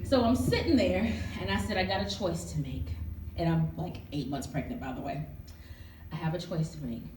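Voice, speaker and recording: Her lowish, animated voice is a little mellow and moves at normal speed, with slight hiss or hum in the recording. The author and speaker tells a candid, humorous story at a book event, testifying and calling on the audience to respond, captured by a distant mic in an echoey hall.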